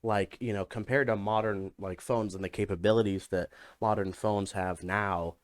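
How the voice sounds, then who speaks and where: A man's voice: lowish voice, steady tone, normal speed, dry recording, clean studio sound. A young man co-hosting a podcast, talking in a rambling, casual way with many fillers and restarts. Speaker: podcast co-host. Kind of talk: casual chat.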